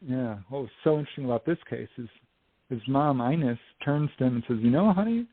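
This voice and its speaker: A man as an interview guest telling a story in a casual, animated way, acting out what people said, over a dry phone line. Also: mid-range voice, a little fast, slight background noise. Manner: animated storyteller, acts out quotes. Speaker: guest, UFO investigator and author.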